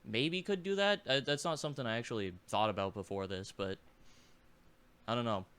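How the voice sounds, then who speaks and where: A young man co-hosting a podcast in casual chat, hesitant and halting, with a sore throat. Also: mid-range voice, fairly bright tone, clean tone. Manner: hesitant, halting, many restarts. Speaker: podcast co-host.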